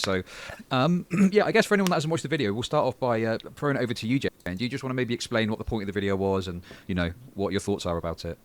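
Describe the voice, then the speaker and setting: A man moderating a call debate, polite and full of ums. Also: lowish voice. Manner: polite, filler-heavy, quick. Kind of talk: hosting a call.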